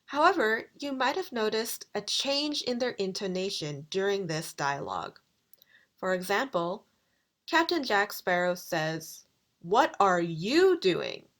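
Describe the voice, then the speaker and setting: A woman lecturer giving a recorded video lesson, explaining grammar slowly and deliberately. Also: mid-range voice, expressive, fairly bright tone. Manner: slow, deliberate explanations with quoted examples. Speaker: university lecturer.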